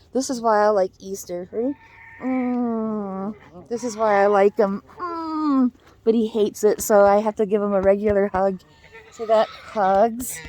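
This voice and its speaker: Outdoors among geese, a woman with a medium-pitched, slightly mellow voice gives casual vlog narration. She chats easily and coaxes a goose in a playful sing-song voice.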